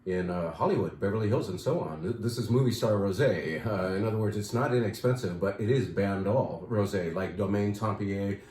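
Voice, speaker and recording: A chatty, enthusiastic man with a lowish voice talks up new products in a casual, rambling way. His voice rings in a roomy, echoey space. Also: brisk, hardly any pauses, a little mellow. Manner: chatty, enthusiastic, with fillers and asides. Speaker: wine shop host.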